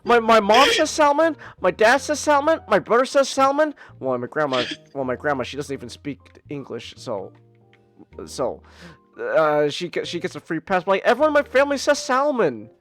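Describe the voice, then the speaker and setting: A woman's voice: mid-range voice, expressive, normal speed, fairly bright tone, soft background music. A woman co-hosting a podcast in casual chat, flustered and defensive, stumbling over many restarts. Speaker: podcast co-host.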